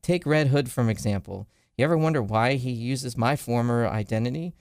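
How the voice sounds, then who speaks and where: A man's voice: medium pitch, normal speed, a little mellow, no echo, clean studio sound, close to an everyday voice. A man voicing a gloating male clown villain who taunts in a mocking, sing-song way. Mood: taunting.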